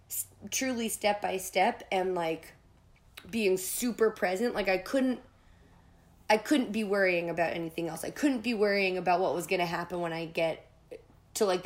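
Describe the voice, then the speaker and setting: A woman hosting a podcast, telling a personal story in a candid, casual way, swearing freely and acting out her own panic in quoted lines. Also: fairly low pitch. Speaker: podcast host.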